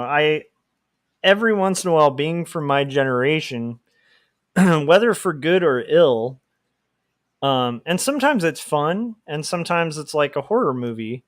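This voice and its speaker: This comic artist hosts a livestream, chatting casually while he draws, rambling and laughing often. His voice is fairly high and a bit bright, captured in a dry, studio-quality recording.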